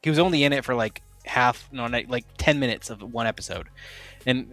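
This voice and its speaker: A man's voice: medium pitch, brisk, fairly bright tone, dry recording, soft background music. A man hosting a podcast, chatting casually, rambling and correcting himself as he goes. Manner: rambling, self-correcting, laughs often. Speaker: podcast host. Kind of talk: casual chat.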